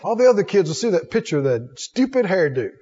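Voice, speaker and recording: A man preaching a sermon in a folksy, animated way, putting questions to the congregation. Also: high voice, fast. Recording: dull lo-fi sound.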